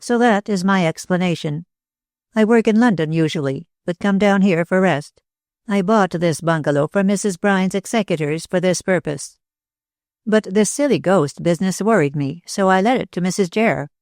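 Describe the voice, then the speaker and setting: A woman voicing a small, intense older male inventor who speaks in a grave, deliberate way in an audiobook. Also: on the low side, a little mellow, no room sound, studio quality, natural voice.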